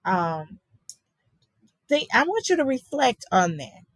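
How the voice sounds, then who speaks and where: A woman gives a virtual lesson for teachers in a fairly high voice. She talks loosely and conversationally, with frequent fillers, and checks in with "okay?". The sound is dry, with no room echo. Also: big pitch swings, slow pace. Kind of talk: virtual lecture on child guidance.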